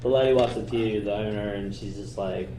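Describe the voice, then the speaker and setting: A man narrating as game master in a casual, halting way, with many fillers. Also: on the low side, fairly even intonation, background noise. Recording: echoey room, mic a bit far.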